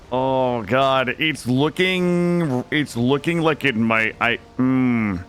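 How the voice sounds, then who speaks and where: A man's voice: mid-range voice, extremely slow, a bit bright. A young man live-streaming a video game, talking anxiously and dramatically to his chat as he plays.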